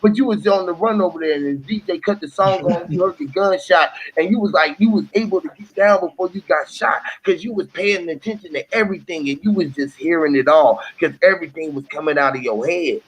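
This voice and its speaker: A man with a high, husky voice tells a story in casual podcast chat. He acts out each scene with vocal sound effects, animated throughout. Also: fairly quick, hardly any pauses, poor audio. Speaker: podcast host.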